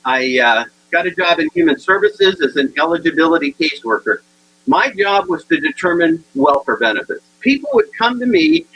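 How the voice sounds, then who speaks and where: A man in his sixties giving a humorous motivational talk, animated and acting out the people in his stories. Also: a little high, husky, lo-fi sound. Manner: animated storyteller acting out dialogue. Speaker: keynote speaker.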